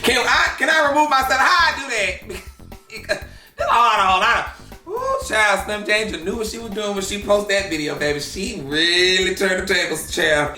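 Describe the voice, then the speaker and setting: A man hosting a gossip reaction show, sassy and animated, with drawn-out exclamations. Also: high-pitched, roomy sound. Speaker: gossip commentary host. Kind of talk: reaction commentary.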